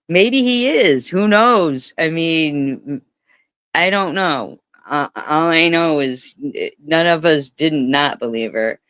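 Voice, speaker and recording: A female streamer with a deep, slightly bright voice rambles through live commentary, cursing freely and piling up repeated words for emphasis. Her delivery is slow, her tone smooth and clean, and the audio is close and dry with no room echo.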